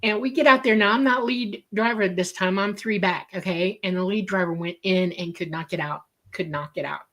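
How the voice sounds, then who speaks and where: A woman's voice: mid-range voice, normal speed. Woman, casual interview storyteller, acts out the quotes, remote call audio. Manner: lively storyteller who acts out quoted dialogue.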